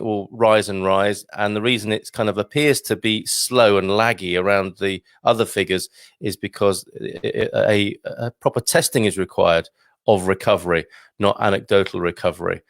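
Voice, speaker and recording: A low-voiced man hosts a relaxed news roundup, reading articles aloud and drifting into jokey side remarks. His voice has a gravelly, fry-laden edge and a slight cough. The sound is close and dry, with no room echo. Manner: digressive, jokey asides. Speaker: channel host reading news. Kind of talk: chatty news commentary.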